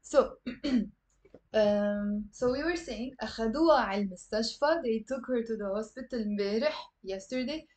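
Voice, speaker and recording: Woman from Lebanon leading a live online language class. Voice sits a little high, patient and coaxing, drills each word aloud. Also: fast talker, a little mellow, low-quality recording. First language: Lebanese Arabic. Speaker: Arabic teacher. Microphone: computer camera mic.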